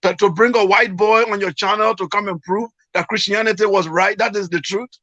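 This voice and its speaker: A Liberian-accented man on a video call speaks in a bright, forceful voice with a somewhat high pitch. He presses his points and repeats them for emphasis. The sound is dry and dull, like lo-fi call audio. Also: steady tone, fairly quick, no echo. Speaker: guest. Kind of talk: casual video-call conversation.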